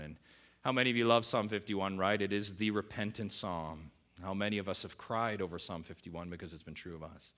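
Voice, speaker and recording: A middle-aged male pastor delivering a sermon at an ordinary pitch. He drops to a low, quiet voice and then climbs loud and high when making a point.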